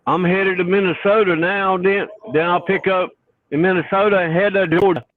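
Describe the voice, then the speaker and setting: A man's voice: sits high, fairly even intonation, normal speed, no echo. A man with a Southern US accent, a truck driver calling in, telling an earnest story in casual chat. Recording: tinny phone line.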